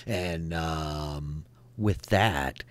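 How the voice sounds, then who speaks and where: A man's voice: very deep voice, drawn-out words. A man acting as dungeon master, his voice worn out, talking in a laid-back, chatty way and laughing often. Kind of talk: narrating a tabletop game.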